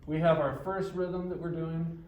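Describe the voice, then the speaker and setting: Guy teaching rhythm to a class, upbeat, counts out loud, a bit high voiced, mic far off. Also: steady tone, unhurried, a little hiss or hum. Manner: encouraging, counts beats aloud. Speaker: guitar teacher. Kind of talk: leading a group rhythm class. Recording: roomy, distant mic, music in the room.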